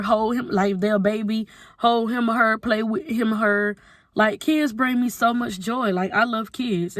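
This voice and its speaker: Young woman, candid rambling vlog talk, mid pitch, dry close sound. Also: no echo. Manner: candid, rambling, heavy use of "like". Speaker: vlogger. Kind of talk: casual venting monologue.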